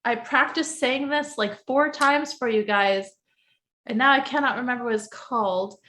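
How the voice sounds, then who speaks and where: A woman's voice: on the high side, moderate pace, bright, forceful tone. A woman hosting a casual livestream chat, gushing as she tastes food, with lots of "um" and "like". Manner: chatty, gushing food tasting with fillers. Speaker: show host.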